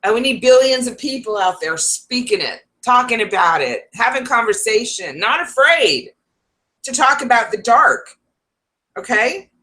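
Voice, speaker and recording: A woman's voice: a little high, lively intonation, measured pace, bright, forceful tone. A woman hosting a casual live stream from home, chatty and laughing often between restarts. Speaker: psychic livestream host.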